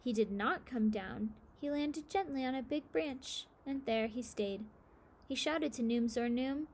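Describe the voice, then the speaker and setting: A woman reading a children's story aloud with steady, expressive narration. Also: high voice, measured pace.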